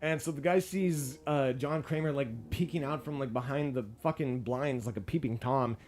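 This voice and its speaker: A man giving a casual, profane movie review, excitable and full of fillers. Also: medium pitch, moderate pace. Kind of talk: casual spoken film review.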